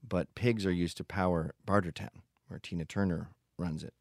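A man's voice: sits low, moderate pace, gravelly, no room sound, clean studio sound. A man hosting a podcast, talking in a blunt, profane, digressive casual monologue. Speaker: podcast host.

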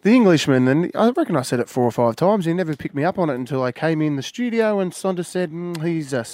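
A man's voice: on the high side, expressive, fast, darkish tone, no room sound. A man co-hosting breakfast radio, telling stories in an easygoing, rambling way. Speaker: radio co-host. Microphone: studio mic.

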